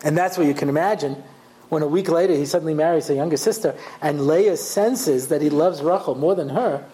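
A rabbi gives a Torah class as a lecture with storytelling, talking conversationally, acting out voices in his stories and checking in with "yeah?". His voice is a little high, a little fast and mellow, on a low-quality recording.

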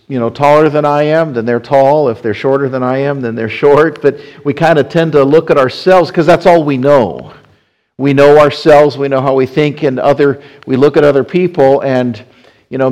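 A man's voice: medium pitch, darkish tone, rough recording. Man preaching a conversational sermon. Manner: conversational preaching with frequent restarts. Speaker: pastor. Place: church.

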